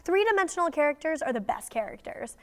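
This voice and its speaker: Bubbly young woman with a bright voice. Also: sits high, big pitch swings, fast. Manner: bubbly and enthusiastic. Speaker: actress interviewee. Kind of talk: casual interview.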